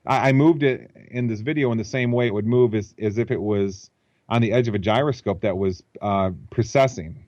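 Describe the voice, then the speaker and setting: A man with a low-pitched voice talks as a guest on a call, working his ideas out aloud at length. The audio is dry and dull, like a lo-fi computer mic. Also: fairly quick, darkish tone, no echo. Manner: thinks aloud, explaining at length. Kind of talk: explanatory interview talk over a call.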